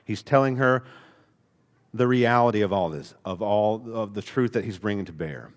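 A man's voice: fairly low pitch, moderate pace. Man, Alabama accent, pastor preaching a sermon, earnest with folksy asides, long church reverb. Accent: Alabama Southern. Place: church sanctuary.

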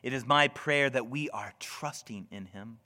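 A man preaching a sermon as pastor, swinging deliberately between loud emphasis and hushed, whispered lines. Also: medium pitch.

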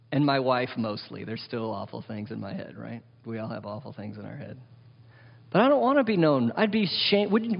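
Animated pastor preaching in an echoing hall. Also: male voice, mid-range voice, gravelly, dull audio. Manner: animated, asks the congregation questions, wry jokes. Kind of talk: sermon. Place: church hall.

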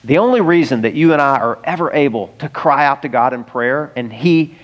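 Animated male preacher in a reverberant hall. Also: medium pitch, a little fast, muffled recording. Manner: animated storytelling, acting out scripture voices with humor. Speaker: pastor. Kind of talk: sermon.

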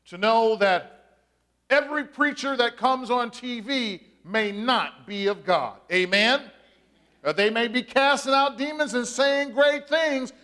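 A middle-aged male pastor preaching a sermon, animated, with drawn-out emphatic phrases and frequent "uh" fillers. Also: very high voice.

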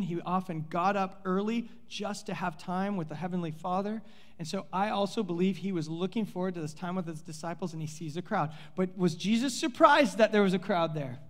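A man preaching a sermon as pastor, telling the story in an animated way and playfully acting out the characters with sarcasm. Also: high-pitched. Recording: long hall reverb.

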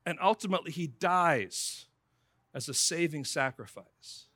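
A man's voice: on the high side, expressive, a little slow, pushed and bright, dry recording, clean studio sound. A man preaching a sermon in a conversational way, calling his listeners friends. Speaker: pastor.

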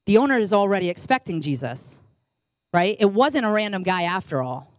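A woman preaching a sermon in a conversational, animated way, asking rhetorical questions and acting out quoted voices. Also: a little fast, no room sound, clean studio sound. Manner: acts out quoted voices in a high squeaky pitch.

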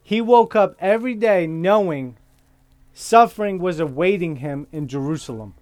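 A man preaching a sermon as pastor, slow and deliberate, often checking in with his listeners by asking "okay?". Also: high voice, darkish tone, no echo.

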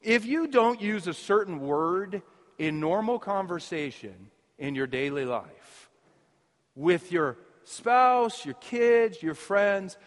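A male preacher giving a lively, humorous sermon, often breaking into laughter between points. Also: sits high, slow, in a large hall.

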